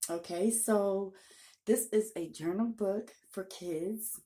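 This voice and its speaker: A woman, a YouTuber and self-published author, chatting through an excited unboxing vlog on her phone camera and gushing often. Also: medium pitch, slow pace, husky. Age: adult with a daughter. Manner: gushing and excitable, repeats "oh my gosh". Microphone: phone camera held by hand.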